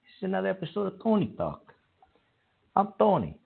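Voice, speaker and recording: Man, call-in show host, rambling, halting restarts, gravelly, tinny phone sound. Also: high voice, wildly swooping pitch.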